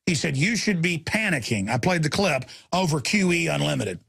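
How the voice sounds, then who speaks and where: A male talk radio host launches into a fiery monologue, ranting and yelling insults in bursts, then rattles off a rapid sales pitch before taking callers. His voice swings widely in pitch and is slightly rough, with vocal fry.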